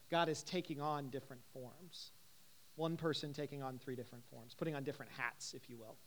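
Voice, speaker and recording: A man in his thirties giving a casual teaching talk to a live group, talking conversationally with many fillers and putting questions to his listeners. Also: a little high. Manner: conversational, frequent "uh" fillers, asks the audience questions. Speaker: teacher at a Christian ministry gathering.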